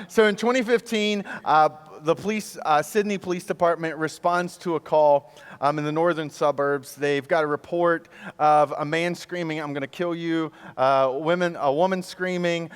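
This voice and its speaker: A man preaching on a church stage, his voice pitched a little high and smooth. He tells stories with humor and banters with the crowd. A long reverb trails through the large hall. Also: normal speed. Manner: animated storytelling, jokes with the crowd. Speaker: guest pastor. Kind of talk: sermon with humor.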